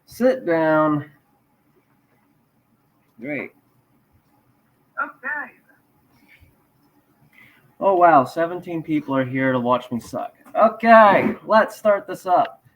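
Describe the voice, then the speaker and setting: A man's voice: fairly high pitch, big pitch swings, drawn-out words, pauses often, fairly bright tone, low-quality recording. A man hosting a casual live stream, rambling and joking at his own expense while he sets up and walks through a website. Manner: rambling, self-deprecating, talks while fixing gear. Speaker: livestream host.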